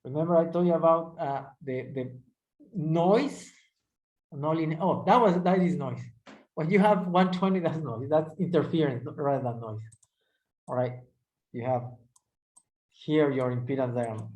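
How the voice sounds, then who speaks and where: First-language guy lecturing, kinda high voice, keeps saying all right?, echoey room. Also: a little slow, a little mellow. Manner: conversational, repeats "all right?" to check understanding. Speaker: instructor. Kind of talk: technical lecture.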